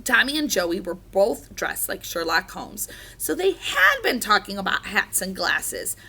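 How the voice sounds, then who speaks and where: A woman reading a children's storybook aloud, animated and expressive. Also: medium pitch, measured pace, slightly rough. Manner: animated, doing character voices. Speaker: reader.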